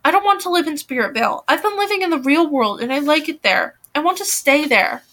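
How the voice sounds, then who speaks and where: A woman voicing a torn, tearful young woman in a novel reading, softer and choked. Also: high voice, brisk. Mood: defiant. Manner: soft, choked and defensive.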